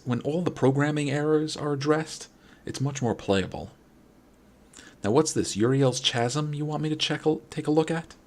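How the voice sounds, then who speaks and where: A man from New York with a New York accent, chatting casually and rambling with his stream viewers late at night. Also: fairly high pitch. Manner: rambling, friendly, many restarts. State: late-night, a little wired. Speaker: game streamer.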